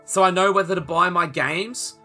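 A man's voice: high voice, moderate pace, pushed and bright, faint music behind. A young man, co-hosting a casual podcast chat with eager, restart-filled talk. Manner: chatty, eager, many restarts. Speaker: podcast co-host.

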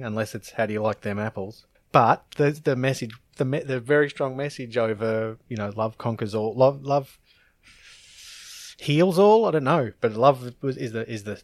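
A man's voice: medium pitch, no echo. A man, co-hosting a podcast in casual chat and rambling through laughing anecdotes. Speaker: podcast co-host.

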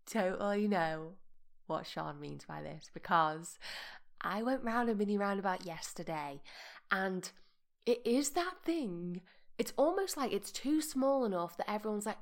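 Brief: young woman, podcast host, playful chat, mid-pitched voice, soft meditative asides. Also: lively intonation, normal speed. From Britain. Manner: chatty, playful, slips into soft mock-meditation voice. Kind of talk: casual chat.

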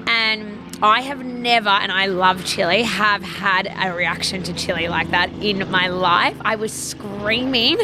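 A woman's voice: medium pitch, measured pace, few pauses, background noise. A young woman in casual chat, telling stories animatedly and swearing freely.

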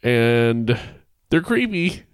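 A man's voice: medium pitch, big pitch swings, drawn-out words, clean tone, no echo, clean studio sound. A man co-hosting a casual podcast, reacting to a spooky story with wry quips. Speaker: podcast co-host. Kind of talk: casual chat.

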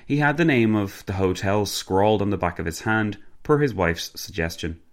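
A man reading a historical novel aloud in a steady, measured voice. His voice sits on the low side and stays composed throughout the narration. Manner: measured storytelling. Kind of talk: scripted narration.

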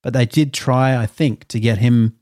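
A man's voice: medium pitch, fairly even intonation, normal speed, a little mellow, no echo. A man co-hosting a casual podcast chat, dry-humoured and hesitant, with frequent fillers. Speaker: podcast co-host.

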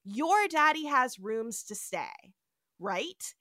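A man's voice: very high-pitched, sing-song, takes it slowly, pushed and bright, no room sound, clean studio sound, exaggerated voice. A woman doing a pushy, eager townsman.

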